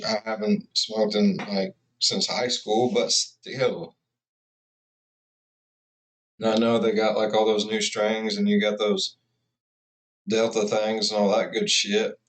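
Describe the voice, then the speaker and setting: A man giving rambling, profane, casual commentary as a reaction video host. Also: lowish voice.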